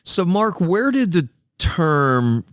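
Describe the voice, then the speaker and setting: A man's voice: a little high, big pitch swings, takes it slowly, no echo, clean studio sound. A man hosting a podcast, asking questions in casual chat and reacting with encouraging laughs. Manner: warm, encouraging listener who laughs often. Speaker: podcast host.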